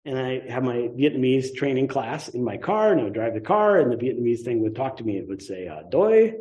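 Animated man giving a dharma talk. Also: mid-range voice, a little fast, dull audio. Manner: animated, conversational, with playful asides. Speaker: Buddhist teacher.

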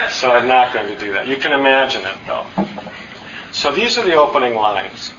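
A middle-aged man giving an earnest, self-deprecating public talk, with halting restarts. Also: mid-range voice, sing-song, sharp tone, echoey room, slight background noise. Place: hall with an audience. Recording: distant, dull lo-fi talk recording.

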